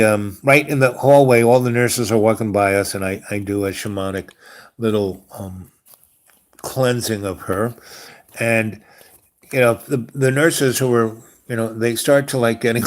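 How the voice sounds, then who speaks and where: A man rambling through a casual story on a livestream, full of restarts and filler phrases. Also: mid-range voice. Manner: meandering, full of "you know" and restarts. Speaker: livestream host.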